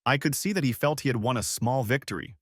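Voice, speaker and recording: A man's voice: mid-range voice, quick pace, fairly bright tone, breathy edge, no echo, clean studio sound. A man narrating a first-person story for an audiobook, in a wry storytelling manner.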